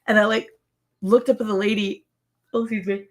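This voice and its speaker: A woman's voice: mid-range voice, steady tone, fairly quick. A woman co-hosting a ranch livestream, chatting casually, laughing often and yawning. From Texas. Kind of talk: casual live-stream chat.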